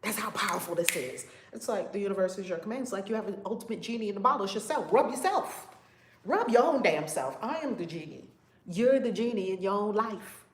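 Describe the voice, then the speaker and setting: A woman of middling pitch teaching spiritual ideas on a livestream, hammering her points home through repetition and breaking into loud whoops. Her voice carries a roomy echo. Faint noise sits under it. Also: expressive, a little fast.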